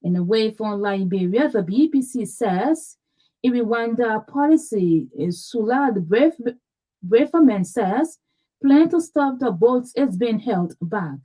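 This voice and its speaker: A woman newsreader reading a radio news bulletin in a measured, formal way, with a few slips. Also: on the high side, expressive, dark tone, poor audio.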